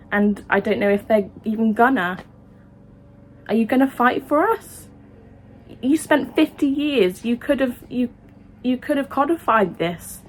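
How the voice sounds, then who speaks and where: Impassioned woman vlogging, halting and emotional. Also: fairly low pitch, a little hiss or hum. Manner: impassioned, halting, with many restarts and ums. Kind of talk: opinion vlog to camera.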